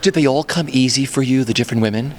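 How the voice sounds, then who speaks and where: A man interviewing cast members, asking friendly, brisk questions. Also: mid-range voice. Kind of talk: press interview.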